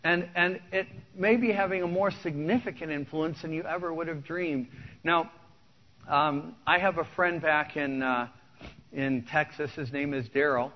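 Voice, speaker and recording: A man's voice: a little high, steady tone, moderate pace. A man preaching a sermon to a congregation in a church, earnest and conversational, often restarting his words. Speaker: pastor. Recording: dull lo-fi recording.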